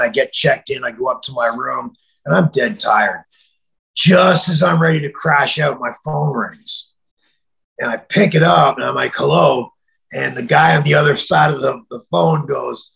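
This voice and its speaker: A middle-aged man telling a story in an interview, acting out the quoted voices and sometimes shouting them. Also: medium pitch, vocal fry, rough recording. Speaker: interview guest.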